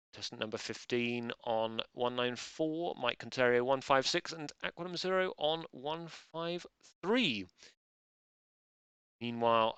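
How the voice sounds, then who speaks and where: A man's voice: mid-range voice, bright, forceful tone, smooth, no room sound. A man hosting a live online quiz, joking drily and rambling. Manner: dry, rambling, self-deprecating jokes. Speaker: quiz host.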